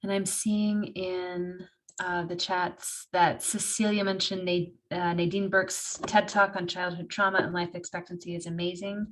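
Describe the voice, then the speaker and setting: A woman facilitating an online workshop, speaking gently and encouragingly with frequent fillers, over a video call. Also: fairly low pitch, flat delivery, unhurried. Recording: noisy video call audio.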